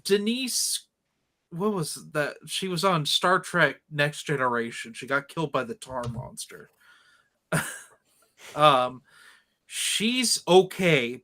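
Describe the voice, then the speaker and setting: Chatty guy with a bright slightly high voice, opinionated, rambles in a podcast chat. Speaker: podcast host. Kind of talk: casual chat.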